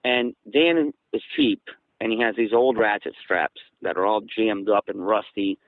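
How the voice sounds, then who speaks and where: A man from southeastern Massachusetts, a guest casually recounting events in an animated way and acting out the dialogue. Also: on the low side, measured pace, no room sound, poor audio. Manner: animated, acts out quoted dialogue. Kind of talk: casual storytelling.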